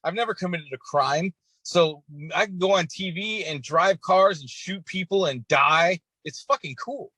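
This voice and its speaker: Man, 40s, podcast guest, easygoing and foul-mouthed, slightly high voice. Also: measured pace, few pauses, bright, forceful tone, dry recording, poor audio. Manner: laid-back, swears freely, laughs often. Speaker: guest, actor. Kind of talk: casual podcast chat.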